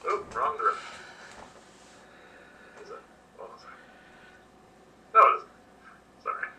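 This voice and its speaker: A man's voice: a little high, very animated, a little slow, sharp tone. A man narrating as game master, describing scenes in an easygoing way with lots of fillers. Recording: distant mic with faint noise.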